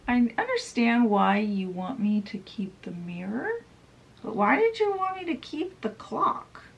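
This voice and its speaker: A woman's voice: on the high side, very animated, measured pace, vocal fry, highs cut off, full character voice. A woman voicing a grown man, a hopeful pirate captain, while retelling a storybook, speaking in an eager, earnest way.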